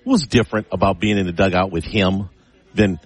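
A man's voice: sits low, brisk, slightly rough, no echo. A man hosting a radio interview, asking long, winding questions. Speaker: radio host.

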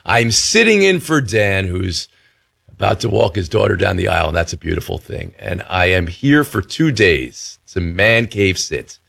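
A man hosting a sports radio show, with a slightly hoarse, cracking voice, talking in an excited, emotional and heartfelt way. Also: deep voice, normal speed. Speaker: radio host.

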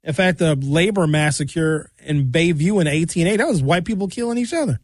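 A man ranting through a solo commentary, with a somewhat high voice. He speaks with emphatic, sarcastic force, and the sound is dry and close. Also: lively intonation, a little fast, no echo. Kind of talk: ranting monologue.

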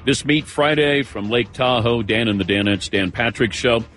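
A man's voice: medium pitch, normal speed, a bit bright. A man hosting a radio show, joking casually with a guest and announcing what comes up next.

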